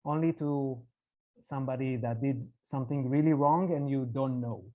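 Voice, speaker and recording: A lecturer giving a patient, explanatory online talk over a video call, often checking in with a quick "yeah". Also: mid-range voice. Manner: patient, tags points with "yeah". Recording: tinny phone-like line.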